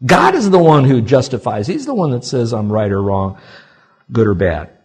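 A man preaching a sermon to a congregation, swinging between quiet asides and loud, emphatic peaks. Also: mid-range voice, big pitch swings, normal speed, slightly rough. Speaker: pastor. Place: church before a congregation.

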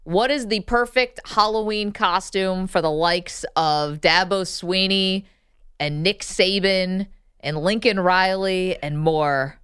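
Teasing, unhurried radio co-host woman. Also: mid-range voice, a bit bright, smooth, no room sound, studio quality. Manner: teasing, laughs often. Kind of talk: casual radio banter. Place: radio studio. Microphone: studio mic.

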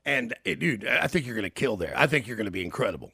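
A man's voice: mid-range voice, sing-song, fast talker, gravelly, sharp tone, breathy edge, dry recording, studio quality. A man hosting a radio show, chatty and enthusiastic, laughing often with his guest. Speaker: radio host. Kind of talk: casual radio interview.

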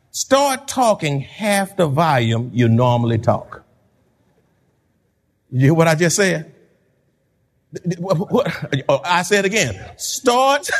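A pastor preaching a sermon, animated, repeating words and laughing between points. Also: male voice, sits high.

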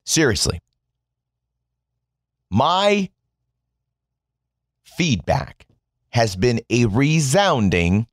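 A man's voice: medium pitch, big pitch swings, unhurried, pauses often, no room sound, studio quality. A man giving a sarcastic, mocking political rant, emphatic and swearing freely. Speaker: commentator.

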